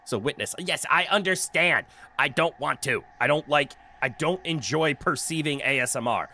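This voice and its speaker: A man's voice: fairly high pitch, animated, moderate pace, bright, forceful tone. A man streaming a video game in casual commentary, joking, swearing freely and laughing often, into a desk mic with a noise canceller.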